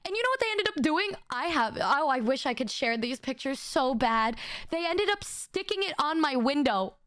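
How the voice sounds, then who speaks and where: A young woman with a high voice tells a funny story to her stream in casual chat. She is animated and laughs often, stammering and restarting as she goes. The recording is close and dry. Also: dry recording. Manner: acts out friends' lines in quick high bursts. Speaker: VTuber streamer.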